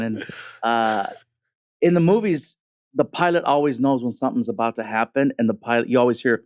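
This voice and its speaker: Lively man telling stories in a dry studio. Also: mid-range voice, normal speed, no echo. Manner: animated storyteller who acts out other people's voices. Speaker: guest comedian. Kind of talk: casual storytelling chat. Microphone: studio mic.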